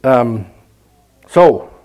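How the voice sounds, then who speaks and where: A man's voice: medium pitch, animated, extremely slow, warm tone, poor audio. A middle-aged male pastor preaching a conversational sermon, with emphatic scripture readings.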